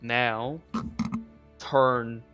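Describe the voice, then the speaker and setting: A young man narrating as dungeon master in a relaxed, chuckling way. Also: medium pitch, drawn-out words, clean tone, highs cut off, faint music behind. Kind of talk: narrating a tabletop game.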